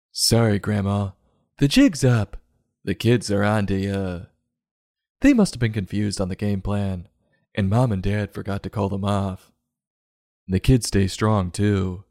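A man hosting a sarcastic comedy book review, mocking the story and breaking into loud silly voices. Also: fairly low pitch, dry recording, studio quality. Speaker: podcast host.

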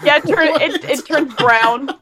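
High-voiced, teasing woman co-host. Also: measured pace, a loud crowd. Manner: teasing interjections. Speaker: podcast co-host. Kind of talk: comedic banter.

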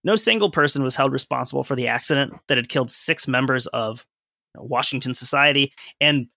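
Bright forceful guy on a history podcast, chatty explainer, dry close mic. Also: mid-range voice, a little fast, vocal fry, no echo. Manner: conversational, explains and reads from sources with asides. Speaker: podcast co-host. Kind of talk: casual history podcast chat.

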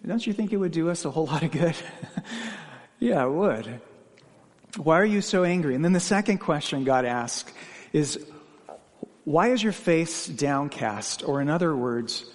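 Male pastor, fairly high voice, earnest questioning sermon delivery, long church reverb. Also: darkish tone. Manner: questioning, earnest, personal anecdotes.

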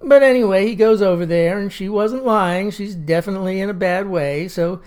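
A woman's voice: mid-range voice, moderate pace, a little mellow. A woman telling a comic story in a wry, folksy, drawling manner. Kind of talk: comic monologue.

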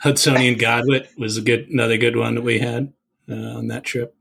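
A man, a birding tour leader, telling an old story in casual chat, animated and repeating himself with lots of filler phrases. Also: medium pitch, a little fast, creaky, husky.

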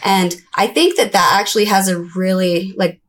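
A young adult woman recounting her childhood in a conversational interview, breaking into high, childlike voices when she quotes people. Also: moderate pace, a bit bright. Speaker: interview guest. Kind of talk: candid personal storytelling.

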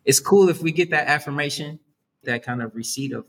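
A man's voice: a little high, lively intonation, a little fast, a bit bright. Upbeat man who keeps saying "man". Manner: earnest, upbeat, says "man" and "right" often. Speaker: youth worker, guest. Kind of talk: conversational interview.

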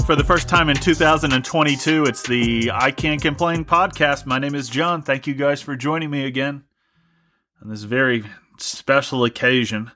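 A man's voice: medium pitch, normal speed, sharp tone, soft background music. A young man hosting a podcast, delivering a profane, mock-angry comedic rant. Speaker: podcast host.

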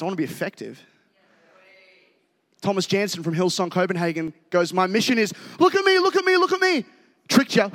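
A man preaching a sermon as a pastor, conversational and energetic, rising into shouts when fired up. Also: high voice. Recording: reverberant hall.

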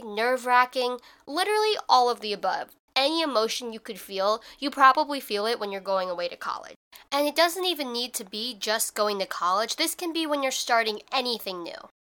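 A woman's voice: a little high, animated, moderate pace, sharp tone, clean tone. A young woman hosting her own podcast, talking in a chatty, reflective way with lots of fillers. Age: young adult. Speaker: podcast host. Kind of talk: casual solo podcast talk.

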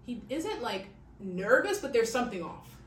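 A woman's voice: a little high, big pitch swings, moderate pace. A woman hosting a podcast, telling a true-crime story in a chatty way, full of "like" and "okay?". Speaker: podcast host. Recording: echoey room, distant mic, faint hiss.

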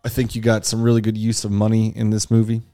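Low-voiced man, profane and enthusiastic. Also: monotone, quick pace, warm tone, clear, resonant tone, faint music behind. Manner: enthusiastic, profane, rhetorical "right?". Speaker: podcast co-host. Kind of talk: casual podcast chat.

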